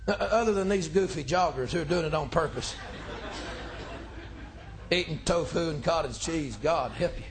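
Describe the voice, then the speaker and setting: A male pastor, preaching a folksy, joking sermon that climbs into shouts. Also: a little high, normal speed, long pauses, a crowd in the background. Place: church sanctuary.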